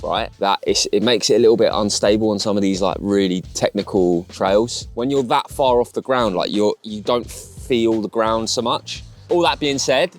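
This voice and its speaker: Laid-back guy chatting. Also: fairly low pitch. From England. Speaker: host, endurance runner. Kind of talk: casual vlog talk and narration.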